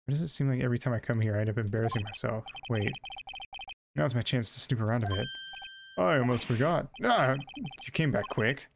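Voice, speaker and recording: A man's voice: medium pitch, fast talker, gravelly, noisy background. A man streaming a game, reading dialogue aloud and joking casually, swearing now and then.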